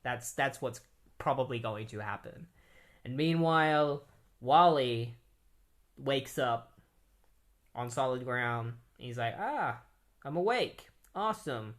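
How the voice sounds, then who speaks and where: A man giving a casual, rambling recap of a comic book storyline at a medium pitch. His talk is loose and unscripted, padded with "like" and "um" as he works through the plot point by point. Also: slow pace, long pauses, a bit bright. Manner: rambling, heavy use of "like" and "um".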